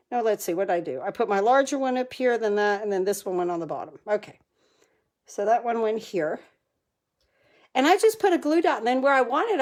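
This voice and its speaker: A woman's voice: medium pitch, a little mellow. Chatty woman demonstrating card crafts. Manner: chatty and enthusiastic, thanks viewers by name. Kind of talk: live card-making demo.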